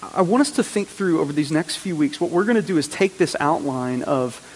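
A man's voice: a little high, expressive, brisk. A man preaching a sermon to his congregation, earnest, with repeated phrases and rhetorical questions. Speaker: pastor. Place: church sanctuary. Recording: long reverb, faint hiss.

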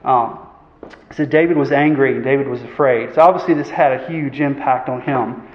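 A man preaching a sermon. He poses rhetorical questions and often clears his throat. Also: medium pitch, moderate pace. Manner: earnest, asks the congregation rhetorical questions; frequent fillers and throat clearing. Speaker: pastor. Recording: echoey hall, dull sound.

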